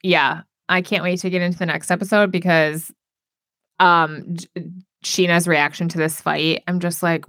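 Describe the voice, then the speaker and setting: A woman co-hosting a podcast, recapping a reality show in casual chat, talking fast and loose with lots of fillers and swearing. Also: fairly low pitch, fairly even intonation, fairly bright tone, no room sound, clean studio sound. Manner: chatty, swears, many "like" fillers.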